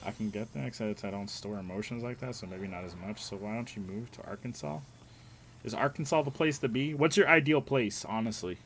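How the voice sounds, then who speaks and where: A man's voice: lowish voice, fairly quick, a little hiss or hum. Sarcastic, foul-mouthed male streamer. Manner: profane, sarcastic, bantering with chat. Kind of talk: casual gameplay stream chat.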